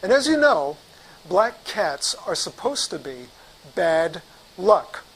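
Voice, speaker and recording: A man teaching sales, telling an animated story as a lesson. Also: sits high, slow, husky, poor audio. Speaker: sales trainer.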